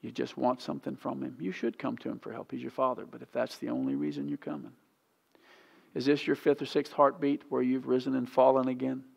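A pastor preaching a sermon in a church sanctuary, pleading and impassioned, swinging from hushed to loud. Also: male voice, medium pitch, level tone, brisk, vocal fry, slightly rough.

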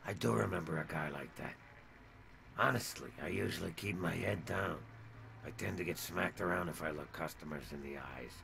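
A man's voice: deep voice, moderate pace, a bit bright, a little hiss or hum, full character voice, rough recording. An actor playing a meek, corpse-like ghoul barman in a video game, with a timid, grateful manner. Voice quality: gravelly, rasping.

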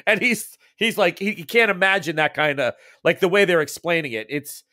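Halting male game master, dry sound. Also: sits high, lively intonation, bright, forceful tone, dry recording. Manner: rambling, halting, many restarts. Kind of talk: narrating a tabletop game.

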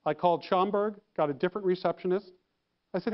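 A man telling a story to an audience, lively, acting out the phone calls he describes. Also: high-pitched, normal speed, clear, resonant tone, lo-fi sound. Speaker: keynote speaker. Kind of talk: storytelling talk.

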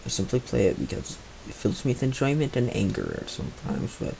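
A man's voice: medium pitch, big pitch swings, fairly quick, vocal fry, warm tone, slight background noise, rough recording. A man giving live gameplay commentary on a cheap microphone, mumbling and grumbling to himself with frustrated asides. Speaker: gaming commentator. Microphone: cheap replacement microphone.

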